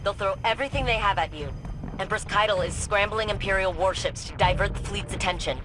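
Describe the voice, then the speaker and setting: A woman's voice: mid-range voice, brisk, noisy background, close to an everyday voice. A woman voicing an urgent mission controller. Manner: urgent radio briefings. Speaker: game character. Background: game music.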